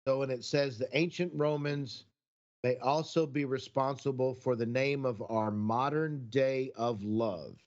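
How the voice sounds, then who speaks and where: A man chatting casually on a podcast, folksy and rambling as he reflects aloud. His voice sits at an ordinary pitch for a man. The audio is a little dull and lo-fi. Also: steady tone, a little slow, darkish tone. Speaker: podcast co-host. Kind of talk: casual chat.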